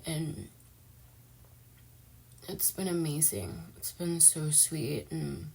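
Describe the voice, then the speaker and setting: A woman's voice: lowish voice, slow pace, pauses often, a little mellow, a little hiss or hum. A young woman talking casually and emotionally in a personal vlog, chatty and full of fillers. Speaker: vlogger.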